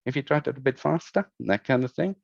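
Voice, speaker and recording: A man's voice: medium pitch, expressive, fast talker, gravelly, no room sound. A man being interviewed about his work, talking thoughtfully with many restarts and repeated words. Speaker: guest, head of user experience. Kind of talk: conversational podcast interview. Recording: dull, lo-fi remote audio.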